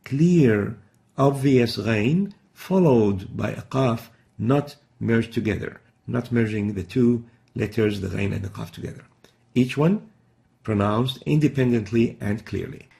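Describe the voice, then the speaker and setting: Taking his time, a warm-toned man with vocal fry and a medium pitch walks through a recorded recitation lesson. He breaks down every pronunciation error in steps, then voices the Arabic letters himself.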